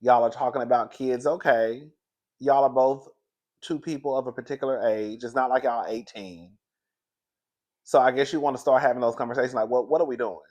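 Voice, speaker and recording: A man talks through a reality-show recap in a loose, gossipy way. His voice sits at a middle pitch, and he laughs often and keeps calling his listeners "girl.". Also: brisk, lo-fi sound. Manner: chatty, gossipy and animated, laughs often, says "girl" a lot. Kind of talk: casual chat.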